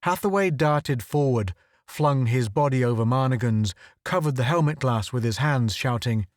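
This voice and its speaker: In scripted audiobook narration, a man reads a story with a steady, measured delivery. His voice is mid-pitched, captured close and dry, with no room sound in the recording.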